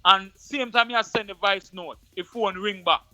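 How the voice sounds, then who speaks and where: A man with a Jamaican accent, an interview guest who tells a personal story in patois in an animated way, often repeating his words. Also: sits high, normal speed, no room sound, highs cut off, soft background music.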